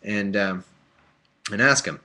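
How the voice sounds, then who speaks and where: A man's voice: on the low side, takes it slowly, sharp tone. A man casually reading aloud on a live stream, breaking off for sleepy, joking asides. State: drowsy. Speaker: host reading and commenting. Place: warm room at home.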